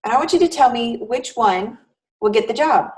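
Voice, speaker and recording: A woman's voice: on the high side, expressive, normal speed, darkish tone. A woman with a slightly raised voice teaches a live online class over a video call, talking conversationally and often checking in with her students. She sounds a little far from the microphone. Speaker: online course instructor.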